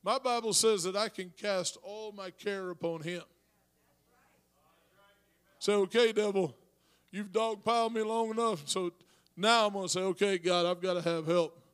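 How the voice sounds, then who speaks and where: Pastor, male, high voice, conversational sermon with loud peaks. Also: steady tone, moderate pace, pauses often, clear, resonant tone. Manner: rising to shouted preaching; talks to congregation with asides.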